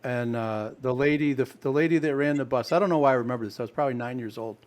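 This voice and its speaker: A man from the Midwest hosts a business podcast in a medium-pitched voice. He asks friendly, rambling questions and fills his pauses with "um" and "uh.". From American Midwest. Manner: friendly, chatty questions with fillers. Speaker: podcast host. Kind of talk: casual interview chat.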